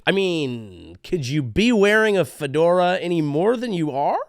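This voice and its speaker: A male comedian hosting a podcast, riffing in a rambling, profane, animated monologue. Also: a little high, unhurried, no echo, clean studio sound.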